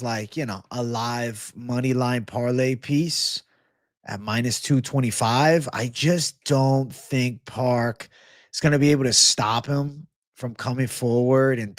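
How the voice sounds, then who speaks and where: A man's voice: medium pitch, measured pace, dry recording, clean studio sound. A man hosting a live stream with betting picks, talking casually with lots of swearing and hype, reacting to the chat. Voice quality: profane, hyped, chatty, reacts aloud to live chat. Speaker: livestream host giving betting picks.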